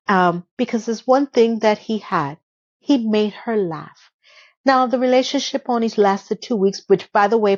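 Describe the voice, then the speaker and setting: A woman's voice: mid-range voice, a little mellow, highs cut off. A woman hosting a casual TV recap, retelling scenes in a chatty way with sarcastic asides. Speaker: TV episode recap host.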